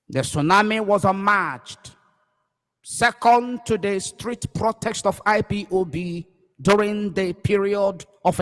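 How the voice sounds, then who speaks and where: A Nigerian man preaching fervently on a livestream, repeating phrases emphatically and swinging between loud cries and hushed words. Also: sits high, big-room sound. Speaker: pastor.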